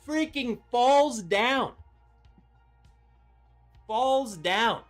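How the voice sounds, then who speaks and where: A man hosting a livestream, telling a story in an animated, excitable way with lots of "like"s. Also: high voice, unhurried, faint music behind. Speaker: livestream host.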